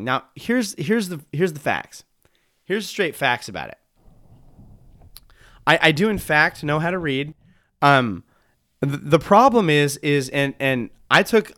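Lively, rambling male podcast host. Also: fairly high pitch, no room sound, clean studio sound. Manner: rambling, self-deprecating, animated with many restarts. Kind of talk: casual comedic monologue.

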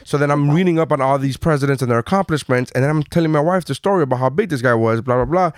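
A man co-hosting a casual podcast, swearing freely and telling stories with animated energy. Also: a little high, rapid-fire, dry recording, studio quality. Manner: profane, animated storytelling. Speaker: podcast co-host. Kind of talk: casual chat.

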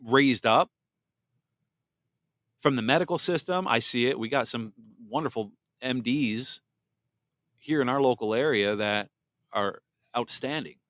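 A man hosting a political commentary podcast, blunt and sarcastic, reading viewer comments aloud and sometimes mocking others in a shrill put-on voice. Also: a little slow, long pauses, fairly bright tone, no echo, clean studio sound. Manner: blunt and sarcastic, mocks voices in exaggerated falsetto. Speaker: podcast host.

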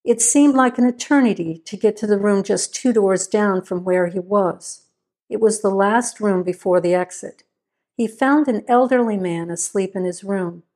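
A woman reading a suspense story aloud as narrator, in steady, measured scripted narration. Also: mid-range voice.

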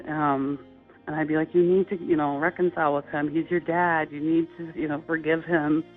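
A woman's voice: sits low, little pitch movement. Middle-aged woman on a tinny phone line. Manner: halting, heartfelt, many fillers and restarts. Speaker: interview guest. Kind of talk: personal storytelling. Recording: tinny phone-line sound with faint music.

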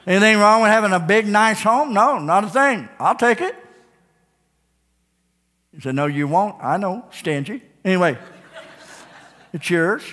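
A man's voice: high voice, lively intonation, unhurried, pauses often, pushed and bright. Folksy preacher man, reverberant sanctuary. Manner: folksy storytelling preacher, jokes with the congregation. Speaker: pastor. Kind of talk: sermon. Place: church sanctuary. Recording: live church sound with long reverb and faint guitar.

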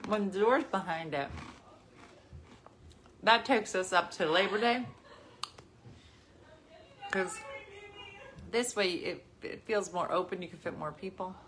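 A woman in her forties hosting a casual chat with viewers from her living room, chatty and animated, jumping from topic to topic. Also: lowish voice, slow, long pauses, a little hiss or hum. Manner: chatty, animated, jumps between topics and laughs often. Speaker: livestream host.

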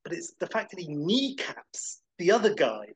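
A man's voice: fairly high pitch, sing-song, moderate pace, slightly rough, low-quality recording. A man co-hosting a casual film podcast, telling rambling stories with enthusiasm. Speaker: podcast co-host.

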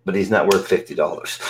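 A man's voice: low voice, heavy background noise. A man co-hosting a casual podcast, telling stories in a joking, teasing way and laughing often. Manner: joking, teasing storyteller who laughs a lot. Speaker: podcast co-host. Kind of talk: casual chat.

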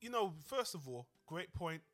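Excitable high-voiced man. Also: moderate pace. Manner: animated, swears freely, acts out movie lines. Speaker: podcast co-host. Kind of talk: casual film discussion.

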